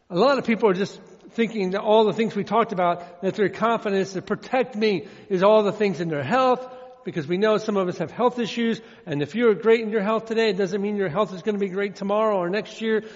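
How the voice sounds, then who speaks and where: Folksy, high-voiced preacher man. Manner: folksy preaching, repeats phrases, drawn-out quoted verses. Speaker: pastor. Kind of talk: sermon. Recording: long reverb, dull lo-fi sound.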